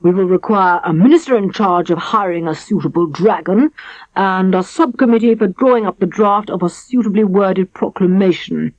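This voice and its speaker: A woman voicing a blustering, quick-tempered king in a storybook reading, with slow, booming, indignant delivery. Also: darkish tone, dry recording, close to an everyday voice. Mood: pleased. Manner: booming, drawn-out indignant speech. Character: blustering cross middle-aged king. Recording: dry, slightly dull studio recording.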